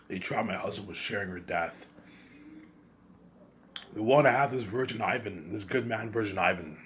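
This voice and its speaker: A man's voice: on the low side, normal speed, pauses often, sharp tone, slight background noise. A man delivering an agitated, repetitive, accusing rant straight to camera. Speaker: vlogger. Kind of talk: ranting monologue to camera.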